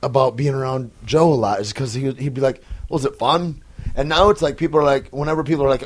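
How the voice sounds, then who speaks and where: Earnest, animated man hosting. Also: medium pitch, quick pace. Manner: earnest, animated storytelling with many "and, and" restarts. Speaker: podcast host. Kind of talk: casual podcast chat. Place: comedy club.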